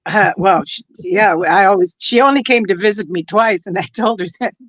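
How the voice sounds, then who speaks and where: A woman's voice: mid-range voice, moderate pace, a bit bright, no echo, highs cut off. A woman chatting as a guest on a craft livestream, giggly and joking. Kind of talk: casual chat.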